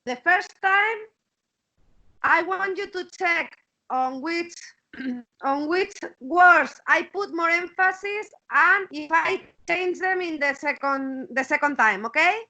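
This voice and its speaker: Brief: woman English teacher, Spanish accent, high bright voice, unhurried, on a video call. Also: rough recording. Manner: repeats words while searching, checks with "okay?". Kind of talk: online class teaching.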